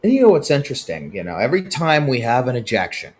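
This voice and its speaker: A man hosting his own podcast, giving opinionated solo commentary that swings from heated outbursts to hushed, sober stretches. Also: mid-range voice, wildly swooping pitch, fast. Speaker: podcast host.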